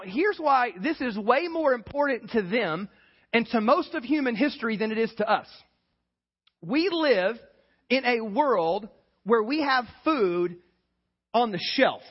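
A man's voice: very high voice, breathy edge, dull audio. A man preaching a casual sermon as a pastor, often asking the congregation to answer back. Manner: casual, asks the congregation to respond. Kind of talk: conversational sermon.

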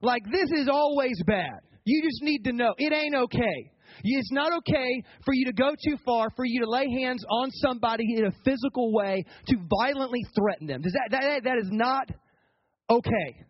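A man's voice: very high voice, lively intonation, moderate pace, muffled recording. A man preaching as a pastor, conversational and colloquial, often restarting his words and asking the congregation for replies. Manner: asks the congregation for responses. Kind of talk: sermon.

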